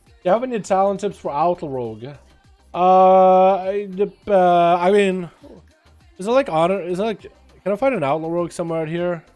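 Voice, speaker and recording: A man's voice: high voice, normal speed, a little mellow, soft background music. A man livestreaming a game, chatting loosely with viewers, swearing now and then and hyping up the crowd. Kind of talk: casual gaming livestream chat.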